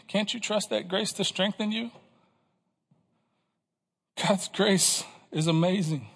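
A man's voice: sits high, creaky, fairly bright tone, husky, long reverb tail. A man preaching a sermon to his congregation, asking questions and pressing his points with emphasis. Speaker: pastor.

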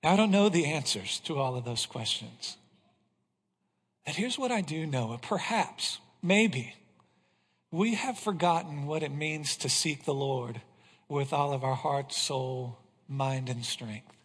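Man preaching, high voice, long hall reverb, earnest and fervent. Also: lively intonation, slow, fairly bright tone, husky. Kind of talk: sermon.

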